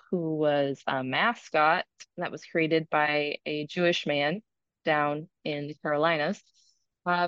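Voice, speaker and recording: A woman hosting an interview, asking a question in a measured, inviting way. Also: deep voice, clean tone, dry recording. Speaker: interview host. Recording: muffled lo-fi dry audio.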